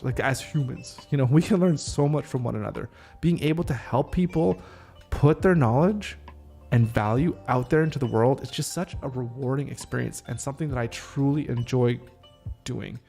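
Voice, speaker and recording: Practicing alone, a podcast host tries out his script line by line, pausing to rethink and rephrase as he goes in a casual manner. A bit of music sounds faintly in the background, and his ordinary mid-range voice is gravelly and a little mellow.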